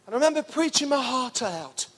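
A middle-aged pastor preaching an enthusiastic, pumped-up sermon in a church hall. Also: male voice, very high voice, very animated, fairly quick, a bit bright.

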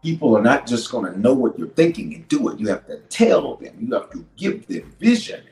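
A man preaching a sermon as a bishop, swinging from loud declarations to hushed lines and repeating phrases for emphasis. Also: mid-range voice, big pitch swings, brisk, vocal fry, roomy sound, soft background music, poor audio.

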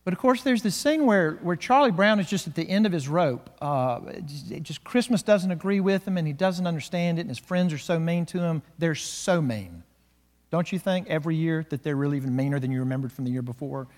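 Male preacher, sermon delivery with dramatic pacing, a touch high, in a reverberant sanctuary. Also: a little mellow. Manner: slows and swells on key words, dynamic preaching. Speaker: pastor.

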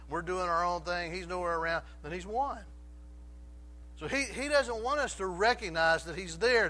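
A pastor preaches a sermon to his congregation in church, his high voice bright and forceful. He keeps it conversational, frequently asking the room questions and cutting himself off to restart sentences.

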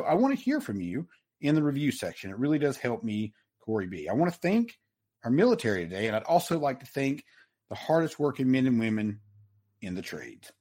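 Hyped Southern man hosting a podcast. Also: medium pitch. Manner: energetic, hyped-up salesman delivery. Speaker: podcast host.

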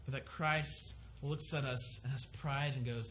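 A man's voice: mid-range voice, fairly even intonation, unhurried, fairly bright tone, a little hiss or hum. A man preaching a sermon, earnest and conversational, often restarting his sentences as he works through a scripture passage. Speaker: pastor.

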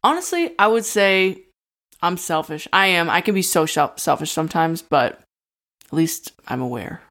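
A woman's voice: fairly low pitch, lively intonation, normal speed, fairly bright tone. A woman co-hosting a casual podcast chat, blunt and profane, often laughing. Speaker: podcast co-host.

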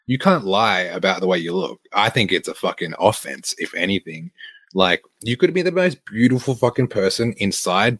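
A man with an Australian accent and a very deep voice tells a story in an easy, sweary way and laughs often. He is recorded close and dry, with no room sound. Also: fairly bright tone, no room sound. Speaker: online fitness coach. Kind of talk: casual storytelling monologue.

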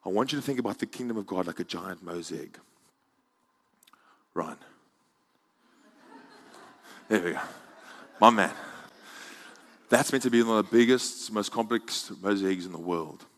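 A man preaching a sermon in a church, moving from quiet, intimate passages to loud, soaring climaxes. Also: fairly low pitch, normal speed, a little hiss or hum. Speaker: pastor.

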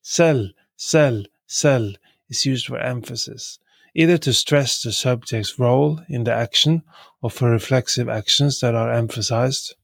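Slow, gravelly male language teacher. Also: mid-range voice, no room sound. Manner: repeats each word three times; measured, with fillers. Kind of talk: slow repetitive lesson.

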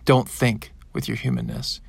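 A man's voice: mid-range voice, big pitch swings, normal speed, creaky, breathy edge, no room sound, full character voice. A man voicing a blunt, commanding old reptilian grandfather in an audiobook. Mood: stern.

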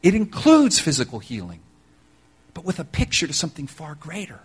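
Male pastor, husky and fairly high, lively storyteller who talks right to the room. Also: a little fast. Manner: animated storytelling with joking asides; addresses listeners directly. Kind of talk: sermon.

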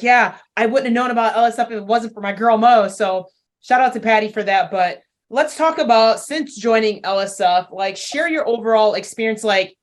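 A woman hosting a podcast interview, upbeat and quick to laugh. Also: medium pitch. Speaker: podcast host, gym owner.

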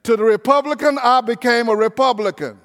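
Pastor preaching, pretty high voice for a guy, folksy and punchy, long echo like a big church. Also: fairly bright tone. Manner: folksy, emphatic preaching with drawn-out phrases. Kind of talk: sermon.

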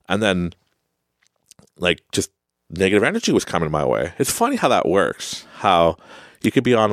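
Deep-voiced and recorded with clean, dry studio sound, a male podcast host rambles through stories in a relaxed monologue. Fillers and frequent laughs run all through it.

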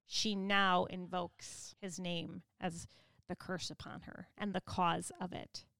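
A woman's voice: medium pitch, a bit bright, smooth, no room sound. A woman giving an earnest, explanatory Bible study lesson. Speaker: Bible teacher.

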